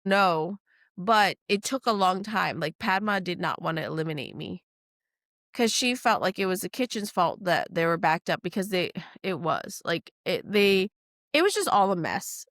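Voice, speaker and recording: A woman from New Orleans, a guest chef telling stories in a casual podcast chat. She swears freely and acts out other people's lines with lively quoting. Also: fairly low pitch, moderate pace, no echo, studio quality. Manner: animated storytelling, acts out quotes, swears freely.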